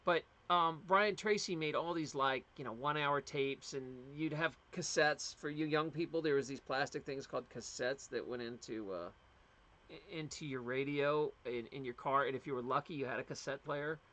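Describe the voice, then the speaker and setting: A middle-aged American man hosts a casual livestream, rambling along with lots of fillers and restarts. His voice is on the high side and sharp in tone, at a normal speed.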